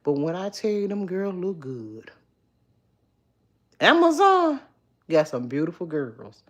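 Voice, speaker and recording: A woman's voice: deep voice, lively intonation, normal speed, dark tone. A middle-aged woman hosting a casual livestream, chatting candidly and reading viewer comments aloud on her phone. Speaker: livestream host. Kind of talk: casual live chat with viewers.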